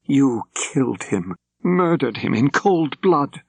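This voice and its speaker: A man voicing a composed, scornful woman who speaks in a cool, cutting, deliberate way. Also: medium pitch, very animated, creaky, breathy edge, no room sound, voice pushed up, full character voice. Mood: accusing.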